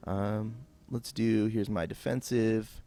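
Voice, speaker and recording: A man's voice: lowish voice, steady tone, takes it slowly, dark tone. A man talking through a game tutorial off the cuff, casual and rambling with lots of fillers. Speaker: gameplay tutorial host. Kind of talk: unscripted game tutorial voice-over.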